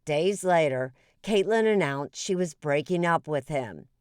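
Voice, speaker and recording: A woman correspondent narrating a true-crime report and asking interview questions in a measured, deliberate way. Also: sits low, animated, darkish tone, clean tone, no echo, clean studio sound.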